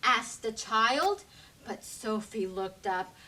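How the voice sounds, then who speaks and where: Woman reading to kids: slow, lively, high-pitched, recorded from a distance. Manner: slow animated read-aloud. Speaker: library storyteller. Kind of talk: children's story reading.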